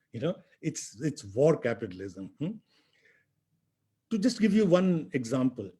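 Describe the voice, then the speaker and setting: A man's voice: medium pitch, warm tone, breathy edge. An older man, a history professor giving a public lecture, emphatic and sprinkling rhetorical asides and tag questions. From India.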